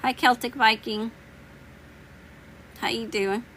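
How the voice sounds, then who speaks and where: Her voice is on the high side and a bit bright, with fairly even intonation and a slow delivery, plus slight background noise. She's a tarot reader taking viewers' questions on a live stream, slangy, teasing and laughing, her voice fraying because she's losing it.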